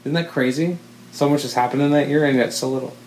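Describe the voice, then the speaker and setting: This podcast co-host talks quickly in a steady, darkish, medium-pitched voice, rambling through a casual chat and eagerly revising what he says. There's a roomy echo, faint ambience, and a touch of hiss or hum.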